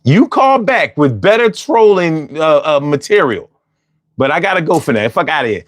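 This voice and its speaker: Brief: male call-in host, high voice, brash and profane, ribs callers, loops his lines. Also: big pitch swings, normal speed, dry recording. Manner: loud, profane, teasing and repetitive. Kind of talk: casual livestream chat.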